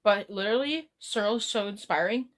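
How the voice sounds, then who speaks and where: A woman's voice: medium pitch, moderate pace. Woman streamer, casual rambling chat, drifting from topic to topic, talking back to her chat. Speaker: live streamer.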